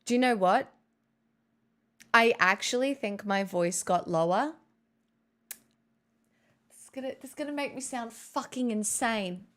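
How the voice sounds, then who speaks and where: A woman's voice: a little high, a little slow, pauses often, a bit bright. A young woman live streamer chatting casually and rambling at her desk, self-mocking and swearing freely into a good studio mic.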